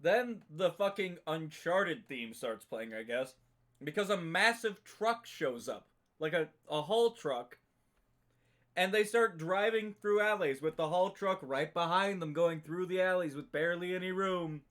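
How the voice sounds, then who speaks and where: A man's voice: high-pitched, expressive, measured pace, a bit bright. A man co-hosting a streamed book discussion, retelling the plot emphatically and swearing freely in casual chat. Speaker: book club podcast co-host.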